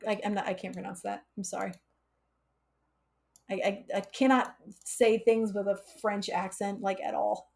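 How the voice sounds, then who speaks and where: A woman's voice: mid-range voice, fairly even intonation, normal speed, creaky, a little mellow. A woman hosting a casual live coding stream, chatty and laughing often as she reads chat aloud. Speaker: livestream coding instructor.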